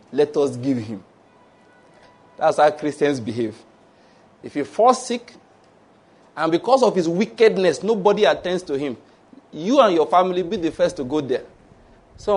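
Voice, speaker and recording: A Nigerian pastor in full sermon, his voice pitched high for a man. He tells stories and slips into the voices of the people in them. Now and then he bursts into loud, shouted mock prayers. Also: lively intonation, brisk. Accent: Nigerian English.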